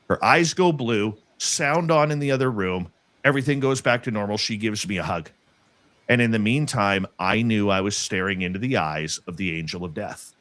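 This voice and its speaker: A man earnestly telling a personal story in casual conversation, halting and restarting as he goes. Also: lowish voice, fairly bright tone.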